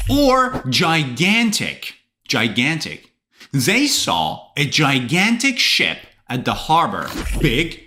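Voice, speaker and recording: Lively, bright-voiced man teaching English. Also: fairly high pitch, takes it slowly, a little hiss or hum. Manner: expressive, lively delivery with playful asides. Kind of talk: vocabulary lesson to camera.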